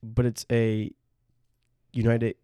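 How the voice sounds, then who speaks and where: A young man co-hosts a casual podcast chat and rambles through offbeat questions. His voice is mellow and dark. The sound is close and dry on a podcast mic. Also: mid-range voice, completely flat delivery, slow, clean tone, no echo. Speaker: podcast co-host.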